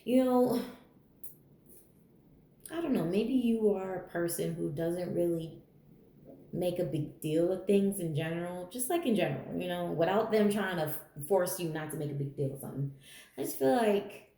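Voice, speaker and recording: A woman's voice: lowish voice, normal speed, mellow, echoey room. A woman giving a general tarot reading in a blunt, candid, chatty way, swearing freely and laughing as she talks. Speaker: tarot reader.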